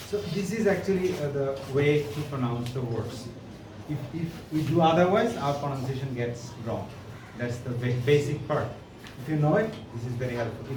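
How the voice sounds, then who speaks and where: A man from Bangladesh teaching English pronunciation in a classroom, saying words slowly one at a time and repeating them. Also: fairly high pitch. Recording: echoey classroom, distant mic, noisy.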